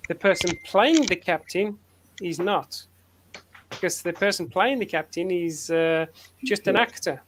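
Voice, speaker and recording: A British man hosts a relaxed group call with friends and wanders through his stories. He pauses often with ums and uhs, and a faint hiss sits under his voice. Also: high-pitched. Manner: rambling, hesitant, many fillers. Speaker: host. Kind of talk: casual group chat on a call.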